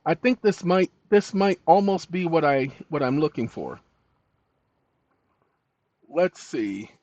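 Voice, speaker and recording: A man hosting casual screen-recording commentary, animated and scolding as he talks to a chatbot and his viewers. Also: a little high, takes it slowly, no room sound. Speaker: channel host. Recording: dull dry lo-fi mic.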